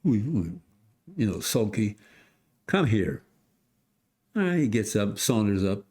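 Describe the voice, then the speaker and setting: A man of a hundred, a podcast guest, telling a story in casual conversation, animated, acting out voices and restarting often. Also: lowish voice, normal speed. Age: 100s.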